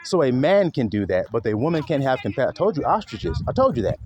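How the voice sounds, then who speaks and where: A man's voice: fairly high pitch, big pitch swings, quick pace, a little mellow, slight background noise. A man delivering an impassioned spoken monologue, preachy and blunt, swearing freely and slipping into mocking sarcasm. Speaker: online commentator; father.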